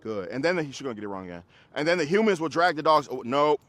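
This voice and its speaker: A man's voice: on the high side, expressive, fast, fairly bright tone, faint music behind. Casual male dog trainer coaching live. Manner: casual, coaching, talks to dogs and handlers. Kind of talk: live coaching during a group class.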